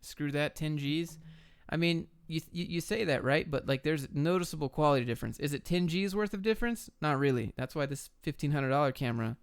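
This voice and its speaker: A young man answering viewer chat questions on a live stream, giving quick, blunt, offhand answers. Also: on the high side, clear, resonant tone, dry recording, clean studio sound. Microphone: camera and desk mic.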